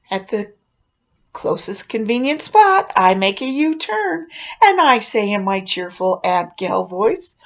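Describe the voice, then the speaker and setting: A woman's voice: medium pitch, very animated, slow pace. A woman telling a spooky personal story dramatically, dropping into whispers for suspense. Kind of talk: oral storytelling. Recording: dull lo-fi recording.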